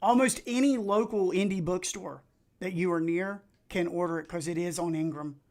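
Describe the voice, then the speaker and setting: A middle-aged man with an Appalachian accent, chatting casually and excitably while streaming video games and telling rambling stories. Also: sits high, normal speed. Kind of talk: casual live-stream chat while gaming.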